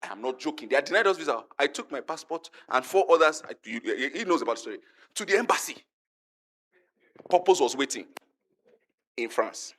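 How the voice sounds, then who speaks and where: Lively Nigerian man telling a testimony. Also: fairly high pitch, fairly quick, long pauses. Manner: lively storytelling, acts out quotes, calls to the audience. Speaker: conference speaker. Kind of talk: animated testimony talk.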